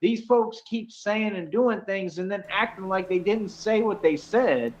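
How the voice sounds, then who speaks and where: A man's voice: high-pitched, unhurried. A man in a played clip, insistently lecturing someone, on dull lo-fi audio. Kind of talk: ranting video clip.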